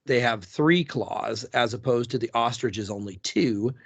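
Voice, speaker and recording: A man's voice: mid-range voice, a little slow, slightly rough. A man co-hosting a casual history podcast, rambling with restarts and jokey asides. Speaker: podcast co-host.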